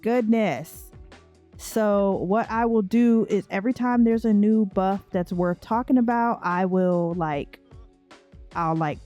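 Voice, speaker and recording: A young woman hosts a relaxed let's play, sounding tired but chatty as she talks straight to her viewers. Her voice is warm and mellow, with a laugh never far off. Soft music plays faintly underneath. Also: medium pitch, takes it slowly, highs cut off. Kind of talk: casual gameplay commentary.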